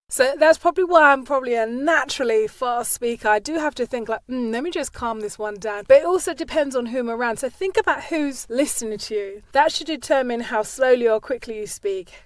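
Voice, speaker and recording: A woman with an East London Cockney accent giving speaking tips on a podcast, quick and chatty, tagging questions with "yeah?" and "right?". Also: high-pitched, no room sound. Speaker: voice and speaking coach.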